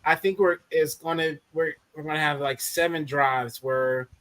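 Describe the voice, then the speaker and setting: A man chatting loosely as a guest on a football podcast, cracking jokes between his points. His voice sits a little high and sounds dry and close, with little room around it. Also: steady tone, normal speed, a bit bright, no room sound. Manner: joking, loose, playful. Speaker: guest analyst. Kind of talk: casual sports podcast chat.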